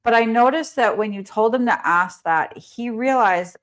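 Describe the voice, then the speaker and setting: A woman's voice: a little high, normal speed. A woman with a New Jersey accent hosting a casual interview as a team coach, talking up her group with enthusiasm.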